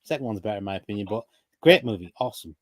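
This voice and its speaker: A man's voice: on the low side, animated, racing, a crowd in the background. A man co-hosting a casual chat show, blunt and plain-spoken. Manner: blunt, plain-spoken, calls others mate. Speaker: podcast co-host.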